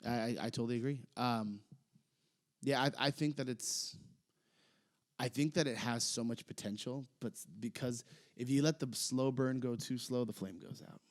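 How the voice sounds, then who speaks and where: A man's voice: mid-range voice, normal speed. Rambling man co-hosting a chat podcast. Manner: rambling, hesitant, gets excited. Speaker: podcast co-host. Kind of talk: casual chat recapping wrestling.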